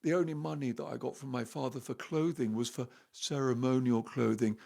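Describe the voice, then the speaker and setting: A man doing a low, mumbling self-pitying prince. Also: fairly even intonation, fairly quick, vocal fry, dark tone. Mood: whiny.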